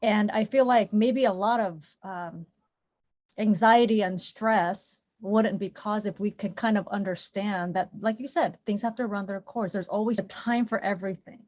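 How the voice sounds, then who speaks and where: A woman's voice: mid-range voice, normal speed, a little mellow. A woman with a mid-range voice hosts an interview conversation. She sounds affirming and encouraging, and she steers the talk with open questions. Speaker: podcast host.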